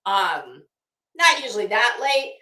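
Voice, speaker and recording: Casual woman host, tired, rambling chat, bright voice, slow pace, echoey room. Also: mid-range voice, sing-song. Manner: rambling, chatty, with many restarts and fillers. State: tired and groggy.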